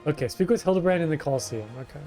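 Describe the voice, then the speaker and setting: A young man on a home game stream chats loosely and with amusement. His voice sits a little high. Faint game music plays underneath. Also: lively intonation, normal speed, a little mellow. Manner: casual, amused, chatty with fillers. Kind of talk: casual gameplay commentary. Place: home gaming setup.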